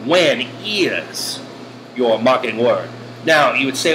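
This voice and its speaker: A man teaching a grammar lesson over slides, animated and joking with exclamations. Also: medium pitch, takes it slowly. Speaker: English teacher. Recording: air conditioning hum behind.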